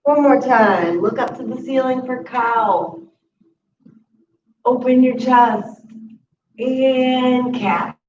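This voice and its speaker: A woman teaching a chair yoga class, calmly cueing each breath and movement. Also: high-pitched, very slow, pauses often. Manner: calm instructive cueing of breaths and moves. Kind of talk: guided exercise class. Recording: roomy, distant, muffled audio with faint hiss.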